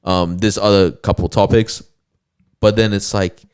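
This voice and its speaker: A man co-hosting a podcast, chatting casually and telling stories in an animated way, full of "bro" and "like". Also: lowish voice, measured pace, smooth. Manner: animated storyteller, says "bro" and "like" a lot. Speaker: podcast co-host. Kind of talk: casual chat.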